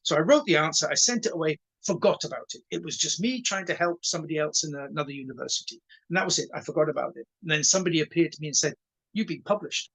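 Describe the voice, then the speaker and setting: A man in his sixties, a karate instructor telling stories in an interview, animated and stumbling over repeated words as he acts out conversations. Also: on the high side, racing, creaky, few pauses, husky, low-quality recording. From Wales. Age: 60s. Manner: animated storyteller who stutters on repeated words and acts out dialogue. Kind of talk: casual storytelling interview.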